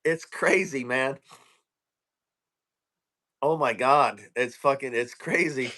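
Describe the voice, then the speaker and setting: A man's voice: medium pitch, takes it slowly, long pauses, pushed and bright. A man telling a profane, ranting story in casual chat on a live stream.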